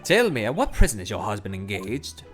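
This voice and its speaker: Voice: medium pitch, big pitch swings, brisk, faint music behind, lightly acted. A streamer voicing a pompous, eccentric male Victorian detective in a theatrical, grandiose way, reading game dialogue aloud. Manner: theatrical, grandiose and self-satisfied.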